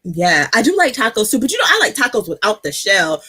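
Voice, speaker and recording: A woman's voice: mid-range voice, big pitch swings, fairly quick, a crowd in the background. Winded, chatty woman livestream host. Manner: chatty, laughs often. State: a little out of breath. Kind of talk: casual live-stream chat.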